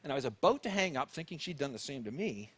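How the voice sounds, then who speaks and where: A man's voice: mid-range voice, sing-song, fast, fairly bright tone, slightly rough, dry recording. A man with a Canadian accent preaching a sermon, telling a personal story and acting out his own thoughts and the people he quotes. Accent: Canadian English. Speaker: pastor.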